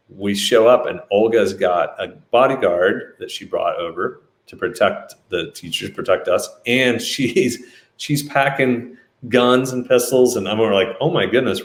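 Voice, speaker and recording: Low-voiced man telling a story. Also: roomy sound. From United States. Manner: animated, acts out quotes. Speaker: business leader telling a story. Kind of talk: storytelling talk.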